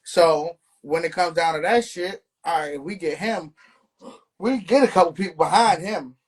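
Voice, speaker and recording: A man talking casually on a podcast, emphatic and drawn-out, often checking in with "you feel me". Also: fairly high pitch, breathy edge, poor audio. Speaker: podcast guest.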